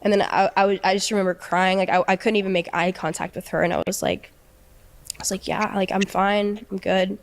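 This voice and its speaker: Young woman, mid-pitch voice, halting speech, restarts and fillers, earnest, subdued, emotional personal story. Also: little pitch movement. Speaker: interviewee recounting a relationship.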